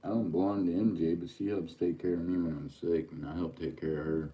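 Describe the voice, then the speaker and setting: A man's voice: sits low, steady tone, brisk, highs cut off. A middle-aged man, hosting a livestream and teasing his chat in a joking, easygoing drawl. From Oklahoma. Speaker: livestream host.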